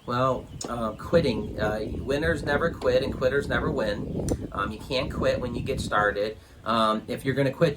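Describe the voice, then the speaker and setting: A man giving business advice as an interview guest, rambling with many pauses and filler sounds as he tells a motivational story. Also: medium pitch, a little hiss or hum. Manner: rambling, many ums, grows animated when retelling.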